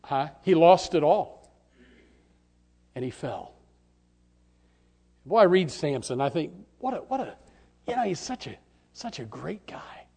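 A man preaching a sermon, swinging from hushed, almost whispered lines to shouted climaxes, repeating words in bursts. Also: a little high, very animated, unhurried, creaky, long pauses, husky.

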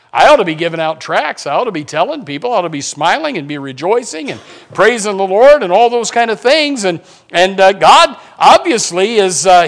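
A man preaching a conversational sermon as pastor, with repeated restarts and joking asides. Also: sits high.

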